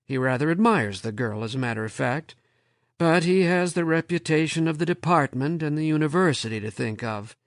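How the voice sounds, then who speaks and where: A man's voice: on the high side, expressive, a little fast, dry recording, studio quality, pitched above the performer's own voice. A man voicing an anguished department head. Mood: wry. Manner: pleading, rising urgency. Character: anguished middle-aged male department head.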